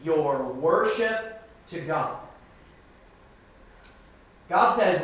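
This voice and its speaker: High-voiced man preaching in an echoey room. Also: animated, a little slow, fairly bright tone. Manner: emphatic, conversational, asks the class questions. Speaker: minister teaching a Bible class. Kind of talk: interactive Bible class sermon. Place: church classroom. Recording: echoey room from far off, faint noise.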